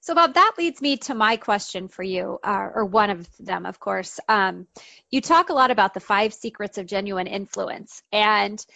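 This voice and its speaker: A woman's voice: medium pitch, animated, normal speed, gravelly, bright, forceful tone, no room sound. A woman co-hosting an interview, asking a long, winding question of a guest. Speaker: co-host.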